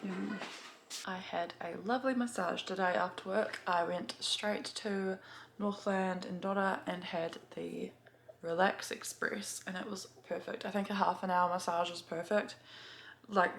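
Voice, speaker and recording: A woman's voice: medium pitch, steady tone, unhurried, a bit bright, slight background noise. A woman chatting casually to camera, full of fillers and swearing as she tells a story. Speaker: vlogger.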